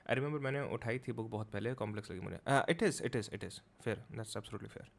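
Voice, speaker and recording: A man hosting a livestream, chatting casually and switching between Hindi and in a rapid, offhand way. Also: lowish voice, gravelly. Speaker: livestream host. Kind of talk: casual stream chat, mixing Hindi and English.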